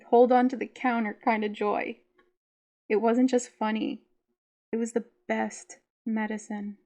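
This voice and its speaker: A woman reading her own audiobook in a gentle, heartfelt, unhurried way. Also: on the high side, creaky. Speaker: author narrating her own book. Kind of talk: audiobook narration.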